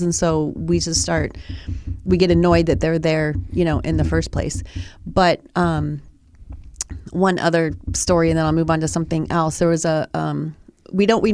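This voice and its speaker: A woman's voice: lowish voice, a little mellow, dry recording. A woman co-hosting a podcast, telling a personal story in casual chat, rambling with frequent restarts and fillers. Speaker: podcast co-host. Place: podcast studio.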